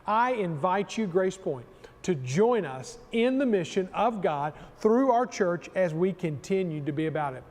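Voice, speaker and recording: A man's voice: sits high, expressive, measured pace, a little mellow, big-room sound. A man preaching a sermon as pastor, using emphatic repetition. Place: church sanctuary.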